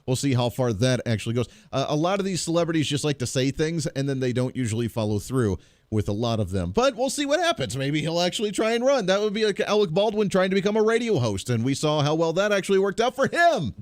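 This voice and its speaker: A man's voice: a little high, big pitch swings, fast, no echo. A man hosting a talk radio show, a little congested, chatty and joking with frequent restarts, in a radio studio. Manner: chatty, jokey, lots of restarts.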